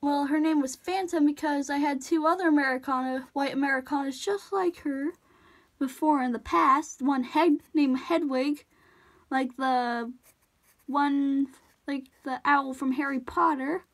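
A woman's voice: high-pitched, steady tone, measured pace. A woman chatting casually while she draws, rambling off-topic, apologizing and cutting herself off. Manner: rambling, self-interrupting, apologetic. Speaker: drawing tutorial vlogger.

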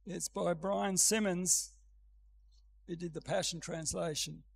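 An older man delivers a church sermon, his voice set high for a man and taking a slow, unhurried pace. He speaks gently, then lifts into an emphatic reading. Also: fairly even intonation, creaky, low-quality recording. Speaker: preacher.

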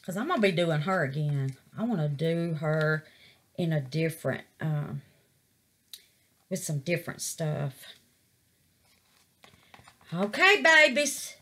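A middle-aged woman with a deep, unhurried voice narrates a resin craft project in a casual crafting vlog. She's chatty, refers to her viewers as babies, and exclaims to the Lord.

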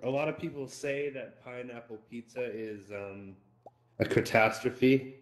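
A man's voice: medium pitch, moderate pace, darkish tone, roomy sound. A man from Canada, a student in a casual class, who talks in an enthusiastic, playful way. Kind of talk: casual chat.

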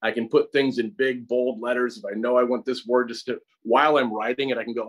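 A man's voice: mid-range voice, steady tone, brisk, few pauses, low-quality recording. Middle-aged American actor explaining his craft. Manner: explains at length, with frequent restarts and repeated words. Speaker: actor and acting teacher, guest. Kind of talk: conversational interview. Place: acting studio.

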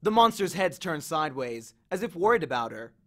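An audiobook reader, a man with a fairly high voice that rises and falls a lot, reads a novel aloud. He moves briskly through the action with an expressive, animated delivery.

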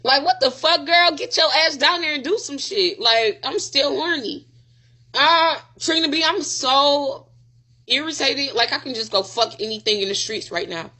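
Woman, high and bright, profane and agitated, stumbling over her words. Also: moderate pace. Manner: profane, rambling, irritated, stammering. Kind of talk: emotional casual chat.

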